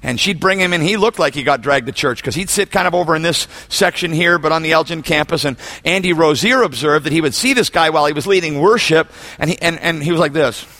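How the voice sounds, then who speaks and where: Guy pastor preaching in church, high bright voice, big shouty moments then goes quiet. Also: fast, hardly any pauses. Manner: animated storytelling with shouted peaks and soft hushed asides. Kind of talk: sermon.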